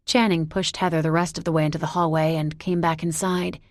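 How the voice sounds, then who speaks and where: A woman narrating a novel in the first person, measured and introspective. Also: low voice, flat delivery, no echo. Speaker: audiobook narrator.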